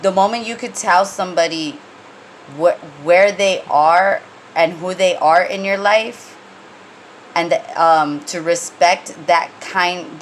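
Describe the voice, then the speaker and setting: A woman with a lowish voice gives a casual tarot reading, rambling and conversational with many fillers and restarts, turning blunt when she gets heated. The low-quality recording carries a little hiss or hum.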